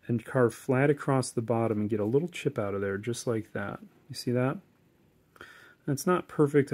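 Male woodcarving instructor, casual and chatty, medium voice, home tutorial. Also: medium pitch. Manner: relaxed, chatty, corny jokes, many fillers.

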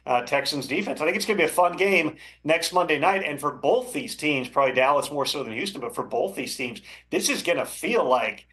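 A man working as a football insider, giving measured, thoughtful analysis as an interview guest, with frequent fillers. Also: fairly high pitch, lively intonation, fairly bright tone. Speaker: NFL insider.

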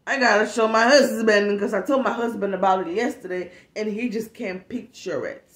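A woman's voice: mid-range voice, normal speed, lightly acted. A woman voicing a nosy, pushy middle-aged female supervisor who talks in a gushing, insistent way. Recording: roomy echo.

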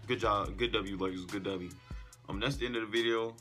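Young guy hyped up reacting to a game, bright voice, keeps saying man and bro, faint music behind. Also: lowish voice, steady tone, brisk. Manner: hyped, repetitive exclamations, trailing "man" and "bro". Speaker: sports reaction vlogger. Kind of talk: excited casual reaction commentary.

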